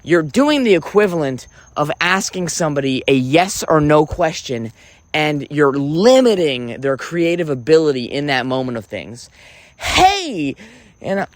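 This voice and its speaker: This male vlogger speaks a little high, with lively intonation and a moderate pace, and the recording has no room sound. His rambling comic monologue is theatrical and full of profanity, and he keeps interrupting and restarting himself.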